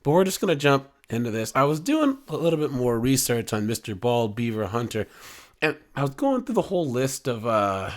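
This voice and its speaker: A man's voice: mid-range voice, sing-song, a little fast. A man hosting a casual true-crime commentary, talking in a loose, rambling way full of fillers.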